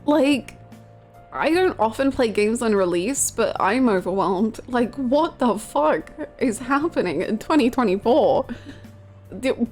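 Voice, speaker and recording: A woman's voice: fairly high pitch, lively intonation, slow pace, darkish tone, soft background music. A woman streamer chatting casually and rambling, giggling as she gushes over a game character. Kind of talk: casual live-stream chat.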